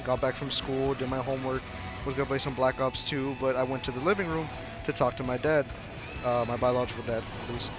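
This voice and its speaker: A man's voice: medium pitch, flat delivery, fairly quick. Young male storyteller, mid-range voice, loose rambling delivery over background music. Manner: rambling, full of fillers and restarts. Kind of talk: casual story time.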